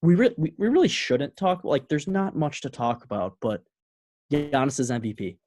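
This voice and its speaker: A young man co-hosting a casual sports podcast, earnest and halting, full of ums. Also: fairly high pitch, very animated, darkish tone, a little hiss or hum. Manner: earnest, halting, filler-heavy. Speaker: podcast co-host.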